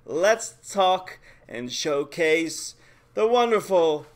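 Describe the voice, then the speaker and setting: A high-voiced man hosts a casual live stream, talking through gameplay. He jokes around and breaks into excited bursts of hype. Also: drawn-out words. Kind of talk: casual game commentary.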